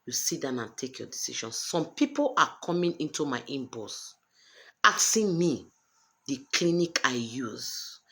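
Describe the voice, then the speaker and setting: A woman's voice: extremely low pitch, big pitch swings, unhurried, a bit bright. A Nigerian woman in her thirties talking straight to camera in a personal vlog, speaking in an emphatic, earnest way and repeating her points. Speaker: vlogger sharing a personal story.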